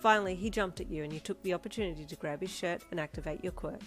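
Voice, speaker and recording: A woman narrating a fan fiction story in an expressive second-person reading. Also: lowish voice, quick pace, faint music behind. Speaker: audiobook narrator.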